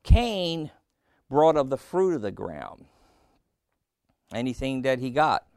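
A man's voice: mid-range voice, a little mellow, no echo, studio quality. A man preaching a sermon, putting questions to his listeners and pressing each point. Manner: slow, emphatic preaching with questions to the congregation.

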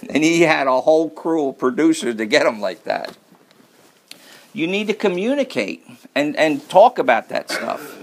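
A man preaching to a congregation with a gravelly, slightly raised voice. He talks in a folksy, joking way that shifts between low, confiding asides and louder, emphatic points. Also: very animated, moderate pace. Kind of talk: sermon.

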